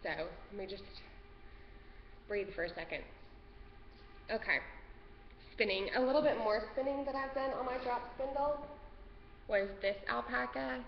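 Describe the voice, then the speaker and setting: A woman's voice: fairly high pitch, a little slow, vocal fry, long pauses. A woman hosting a casual craft podcast from home, nervous and rambling, easily sidetracked. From Texas. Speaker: podcast host. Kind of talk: casual craft vlog chat. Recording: dull lo-fi sound with long reverb and faint noise.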